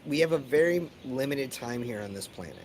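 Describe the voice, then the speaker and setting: A man's voice: medium pitch, animated, a little fast, a crowd in the background. A man hosting a casual chat, reflective and coaching in tone, often checking in with his listener. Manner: reflective, coaching, often asks "you know what I mean". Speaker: host.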